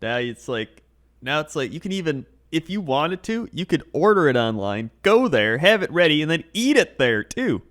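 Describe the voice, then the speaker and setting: A man's voice: on the high side, sing-song, normal speed, fairly bright tone. A man co-hosting a podcast, telling everyday stories in casual chat and mimicking the people in them. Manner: storytelling, mimicking people he describes. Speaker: podcast co-host.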